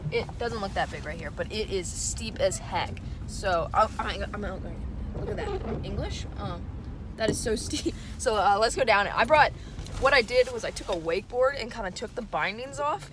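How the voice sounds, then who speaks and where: An excitable teenage girl from Atlanta vlogs into a handheld camera, giggling often, her high voice leaping up and down. She chats casually, and a clear hiss of outdoor noise runs under the recording. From Atlanta, Georgia. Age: late teens. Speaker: vlogger. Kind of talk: casual vlog. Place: outdoors in snow and in a car.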